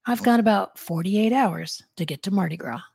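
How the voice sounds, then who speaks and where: A woman co-hosting a podcast, reading a novel chapter aloud and then discussing it in a measured, thoughtful way. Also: medium pitch, gravelly, a little mellow, breathy edge, no room sound, studio quality. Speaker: podcast co-host and reader.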